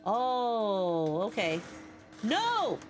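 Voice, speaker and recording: A woman's voice: mid-range voice, huge pitch swings, very slow, soft background music. A woman live streaming a video game, chatting casually, swearing at enemies and thanking viewers.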